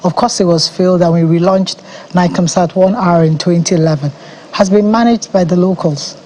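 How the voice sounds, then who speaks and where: A woman's voice: fairly low pitch, fairly even intonation, fairly quick, mellow, slight background noise, rough recording. Confident Nigerian woman explaining in studio. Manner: confident, explanatory, laughs easily. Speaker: agency chief executive, studio guest. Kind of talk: TV news interview.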